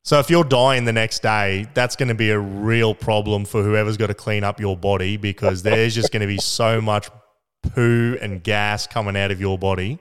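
A man's voice: fairly low pitch, fairly even intonation, normal speed, clear, resonant tone, in a large hall. A man hosting a casual sports podcast, laid-back and teasing as he leads the questions. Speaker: podcast host.

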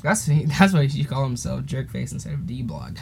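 A man's voice: medium pitch, big pitch swings, a little fast, vocal fry, husky. A teenage boy casually telling a rambling story on a podcast, laughing often and drifting off topic. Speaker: podcast host.

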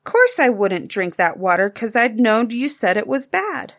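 Woman doing a chatty little cave girl, high and eager, lively storybook voice. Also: unhurried, no echo, studio quality, heavily acted.

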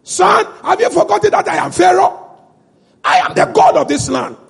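A man's voice: very high-pitched, animated, normal speed, gravelly, voice pushed up, heavily acted. A man voicing Pharaoh as an arrogant, boastful king, brushing off his son's fears in a preached story. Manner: boastful, dismissive.

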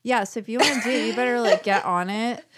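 Animated woman podcast co-host. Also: on the high side, quick pace, heavy background noise. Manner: animated, emphatic, frequent "like". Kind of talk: casual chat.

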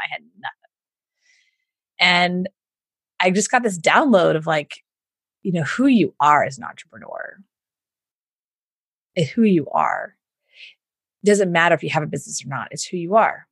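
A woman from the States, telling her story in an interview in an animated way, acting out what others said and laughing often. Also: lowish voice, no echo. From Southern United States. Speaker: entrepreneur guest.

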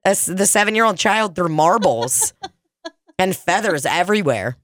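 A woman's voice: fairly low pitch, unhurried, dry recording, studio quality. A woman in her twenties, a comedian co-hosting a podcast, telling stories in casual chat with lots of swearing and acted-out voices. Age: 20s. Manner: animated storytelling, heavy swearing, acts out voices.

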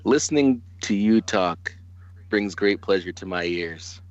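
An excitable man from California hosts the chat in a lowish voice, laughing and swearing freely. The sound is slightly dull and lo-fi. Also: unhurried, dry recording. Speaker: podcast host. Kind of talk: casual podcast chat.

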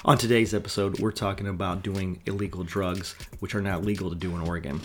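A man's voice: low-pitched, steady tone, brisk, slight background noise. A man hosting a casual podcast chat with friends at home, joking and rambling. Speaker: podcast host.

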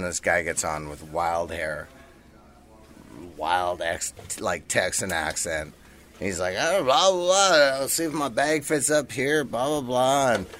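A man's voice: low voice, fairly bright tone, slight background noise. Laid-back man spinning a tale. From Canada. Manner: laid-back anecdote teller, laughs while talking. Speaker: guest. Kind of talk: casual storytelling.

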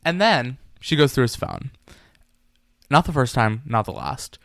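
A man's voice: medium pitch, lively intonation, measured pace, creaky, a bit bright, dry recording. A male podcast co-host retells a wild story with gossipy energy, jumping into quoted lines as he goes. His voice sits in an ordinary middle range. It is recorded close and dry, with almost no room sound. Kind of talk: casual storytelling chat.

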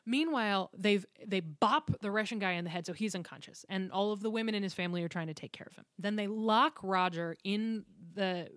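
A woman co-hosting a podcast, retelling a book plot in casual chat, animated and laughing, with some swearing. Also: mid-range voice, a little fast, hardly any pauses, no echo, studio quality.

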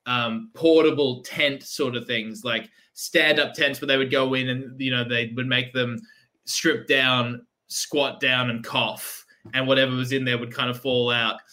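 A man's voice: medium pitch, bright, forceful tone. A young man telling a festival story in casual chat, laughing often and trailing off mid-sentence.

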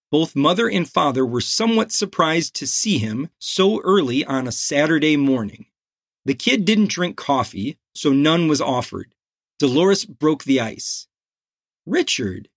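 A man reading a crime novel aloud as narrator, in a slow and measured way. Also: on the high side, no room sound, studio quality. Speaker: audiobook narrator.

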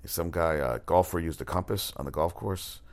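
A man's voice: low voice, moderate pace. A man hosting a casual sports talk monologue, rambling and profane, often restarting his sentences. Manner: exasperated outbursts.

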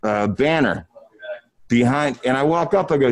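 A man's voice: medium pitch, expressive, normal speed. A middle-aged man, a musician, telling a rambling, profane tour story to a room, often breaking into laughs.

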